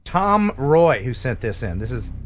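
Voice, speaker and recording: A man's voice: mid-range voice, sing-song, unhurried, faint music behind. A man hosting a casual live-stream chat, joking and playful as he talks. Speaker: host of a live show.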